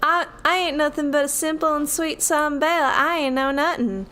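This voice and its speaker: A woman's voice: high voice, moderate pace, pushed and bright, voice pushed up. Woman hamming up a sassy Southern belle drawl. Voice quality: exaggerated fake Southern drawl. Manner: sassy and mock-sweet.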